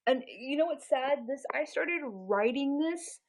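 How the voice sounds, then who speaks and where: A livestreamer in her twenties chats casually in a high-pitched voice with lively intonation and a slightly slow pace. She is self-deprecating and uses lots of fillers, and the audio quality is poor.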